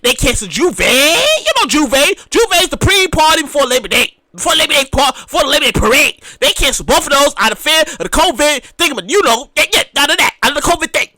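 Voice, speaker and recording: A man's voice: extremely high pitch, a little fast, few pauses, dry recording. A man hosting a podcast, ranting in a casual, profane way and mimicking other people as he talks. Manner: animated, profane, mimics partygoers. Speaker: podcast host.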